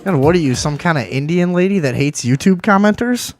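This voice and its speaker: A man's voice: high-pitched, expressive, fairly quick, soft background music. A man hosting a casual live talk show, swearing often and ranting. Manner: profane, ranting. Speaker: podcast host.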